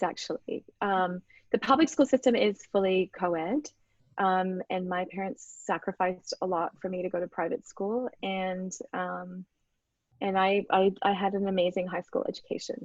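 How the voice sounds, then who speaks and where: A woman's voice: on the low side, fairly even intonation, normal speed, no echo, lo-fi sound. A middle-aged Australian woman chatting enthusiastically as an interview guest, with frequent fillers. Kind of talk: casual conversation.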